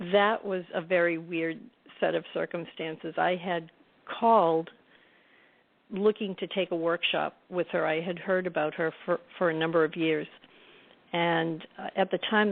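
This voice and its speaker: A middle-aged woman, a guest author, telling reflective stories in a conversational interview. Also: lowish voice. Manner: reflective, warm-toned storytelling with soft laughs. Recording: tinny phone-line audio.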